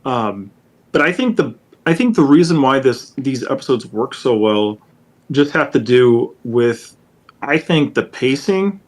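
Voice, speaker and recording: A man's voice: mid-range voice, sing-song, measured pace. A man co-hosting a podcast, rambling through his points with lots of "you know" and "um". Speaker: podcast co-host. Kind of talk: casual podcast discussion.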